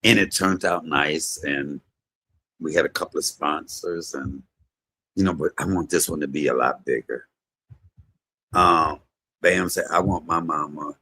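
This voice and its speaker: Husky low-voiced man telling stories. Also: unhurried, pauses often. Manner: animated, loud imitations of his mother. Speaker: comedian and vlog host. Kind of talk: casual storytelling monologue.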